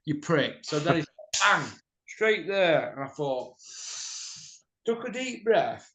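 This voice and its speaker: A middle-aged man telling a rowdy story in casual chat, mouthy and quick to laugh. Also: fairly high pitch, sing-song, a bit bright. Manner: mouthy, laughs a lot, slips into quoted voices. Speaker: podcast host. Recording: echoey room.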